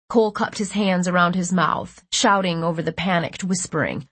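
A woman reading a first-person audiobook narration in a steady, measured way. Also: fairly low pitch, husky, no room sound.

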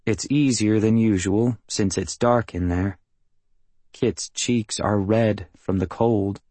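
A man reading a first-person novel as an audiobook narrator, measured and matter-of-fact, close to the mic. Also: lowish voice, steady tone, warm tone, no echo.

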